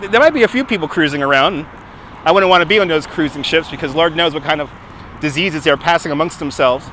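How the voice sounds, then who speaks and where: A man's voice: a little high, pushed and bright, slight background noise. A man with a Brooklyn accent hosting a casual live stream on a city waterfront, chatting, laughing often and thanking donors, recorded on a phone on a gimbal. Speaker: livestream host.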